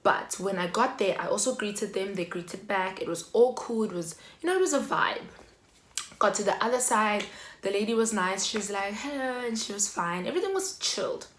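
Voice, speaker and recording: A young South African woman with a South African accent telling a story in a chatty, animated way. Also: mid-range voice, moderate pace, a little hiss or hum. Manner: animated, chatty, heavy on fillers. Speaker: vlogger. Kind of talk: casual storytime. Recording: echoey room.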